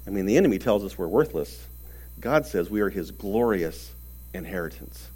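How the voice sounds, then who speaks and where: A man's voice: deep voice, expressive, normal speed, breathy edge. Earnest male preacher giving a sermon. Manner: earnest, emphatic preaching with swings in loudness and repeated words.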